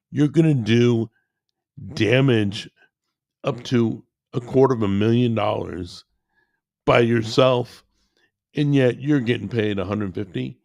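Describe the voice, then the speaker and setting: A man delivers a heated, repetitive political rant, calling his listeners guys. His voice sits low with a gravelly fry, and he talks at an unhurried, deliberate pace. The sound is close and dry. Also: a little mellow, no echo. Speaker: commentator.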